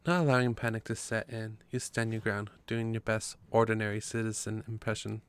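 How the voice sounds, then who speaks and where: A man's voice: on the low side, steady tone, fairly quick, clean tone. A man reading a story game's text aloud in a casual way, with his own asides between passages. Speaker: game player narrating.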